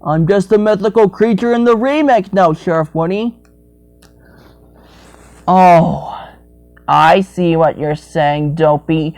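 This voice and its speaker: A woman's voice: on the low side, takes it slowly, pauses often, darkish tone. A young woman acting out a playful toy role-play, switching between character voices in a rambling, swooping way.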